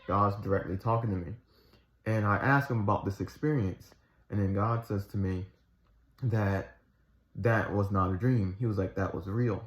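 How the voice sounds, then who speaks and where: A man's voice: fairly low pitch, moderate pace. A man casually telling a personal faith story, rambling with restarts and earnest retellings. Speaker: Christian storyteller. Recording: echoey room, slightly dull sound.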